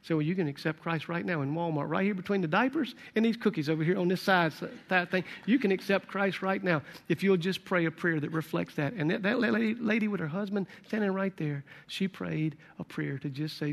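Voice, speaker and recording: A man's voice: high-pitched, a little fast, vocal fry, hardly any pauses. A man preaching a sermon as a pastor and leading prayer, earnest and emphatic, repeating his phrases. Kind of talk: sermon with altar call and prayer. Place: large church auditorium. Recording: long hall reverb.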